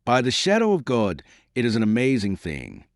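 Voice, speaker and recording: A man's voice: medium pitch, huge pitch swings, moderate pace, no echo, studio quality. A man voicing an agitated, loyal medieval knight in an audiobook, speaking with indignant, awed exclamations.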